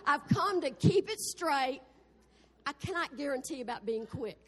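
A woman's voice: sits high, expressive, measured pace, fairly bright tone. A woman preacher giving an exuberant sermon, full of exclamations of praise and storytelling asides. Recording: echoey hall.

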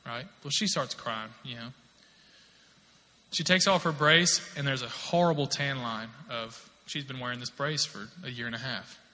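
Man, 30s, preacher, bright forceful tone, storytelling sermon, reverberant hall. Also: mid-range voice, moderate pace. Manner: conversational storytelling, rising to emphatic exhortation. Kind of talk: sermon with personal testimony.

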